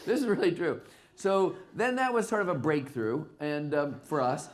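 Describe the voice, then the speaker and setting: Man guest at a live talk, lively swooping voice, animated storyteller who laughs a lot. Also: fairly high pitch, moderate pace. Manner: animated, acts out dialogue, laughs often. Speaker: guest, film producer. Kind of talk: anecdotal storytelling on stage.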